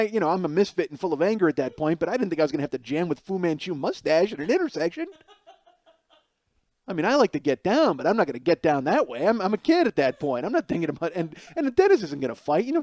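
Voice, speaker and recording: He talks fast on the high side with big pitch swings, his voice a little mellow and free of echo. A podcast host in his forties, he delivers a rambling, self-mocking storytelling monologue and voices characters in his anecdotes.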